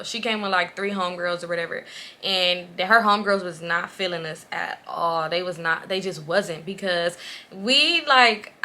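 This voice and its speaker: A young woman in her twenties telling a casual storytime in an animated, profane way, getting loud when exasperated. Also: medium pitch. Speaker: vlogger.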